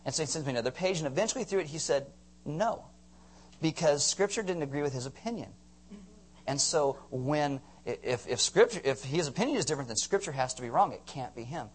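A man preaching a sermon in an animated, joking way, often acting out quotes in put-on voices. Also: on the high side, quick pace. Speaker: pastor.

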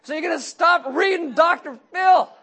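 A man playing a fired-up biblical father who loudly lays down rules for his household in a joking rant. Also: very high-pitched, quick pace, creaky, pitched above the performer's own voice, exaggerated voice. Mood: fired-up scolding. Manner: loud, scolding, joking rant.

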